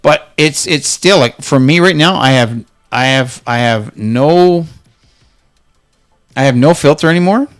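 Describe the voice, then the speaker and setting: A man's voice: on the high side, unhurried, faint music behind. A man in casual podcast chat, telling stories in an agitated, profane rant.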